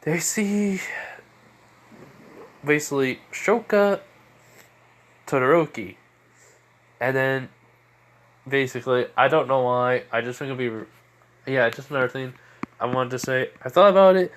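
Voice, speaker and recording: A man's voice: mid-range voice, lively intonation, measured pace, long pauses. Rambling young man telling a fan story. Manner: rambling, full of fillers and restarts. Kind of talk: casual improvised story retelling.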